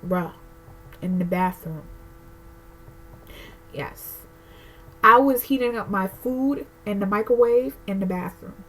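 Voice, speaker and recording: A woman's voice: medium pitch, slow pace, pauses often, fairly bright tone, a little hiss or hum, poor audio. A pregnant young woman vlogging a candid, emotional rant to camera, rambling with lots of fillers. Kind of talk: casual personal rant to camera.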